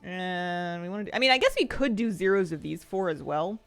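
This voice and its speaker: A game streamer chats away while she plays, a woman thinking out loud and laughing easily. Her voice sits a little low and swings widely in pitch. Her delivery has a gravelly edge of fry. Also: lively intonation, brisk, soft background music. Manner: chatty and rambling, thinks aloud, laughs easily. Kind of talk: casual live-stream chat while gaming.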